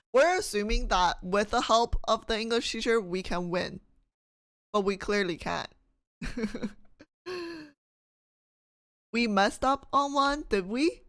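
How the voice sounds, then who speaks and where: A woman's voice: mid-range voice, a bit bright, dry recording. A woman from Canada streaming live, reading test questions aloud and thinking through them with her viewers, laughing often.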